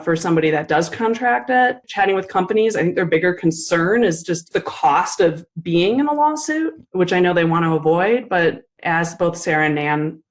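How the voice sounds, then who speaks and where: Woman producer on a panel, lowish voice, laughs easy, lotta you knows. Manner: laughs easily, fills pauses with "you know" and "uh". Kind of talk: casual panel discussion.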